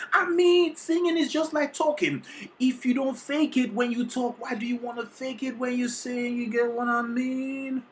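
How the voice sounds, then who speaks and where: A vocal coach reacting to a singing performance, excitable and teacherly, often checking in with the listener. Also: mid-range voice, slight background noise. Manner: excitable, sings short demonstrations between explanations; teacherly, keeps checking in with "okay?". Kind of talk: reaction video commentary.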